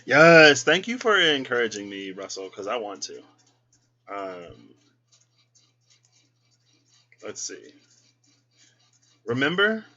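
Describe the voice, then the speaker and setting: Male tarot vlogger, slow-paced, bright and emotional, lo-fi sound. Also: mid-range voice, big pitch swings. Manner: emotional, choked up, given to squealing quoted reactions. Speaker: tarot reader. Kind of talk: casual vlog chat.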